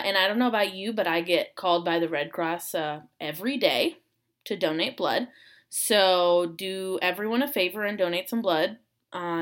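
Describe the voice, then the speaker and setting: A woman's voice: lowish voice, fairly bright tone. A young adult woman hosting a casual solo chat, rambling with many ums and uhs.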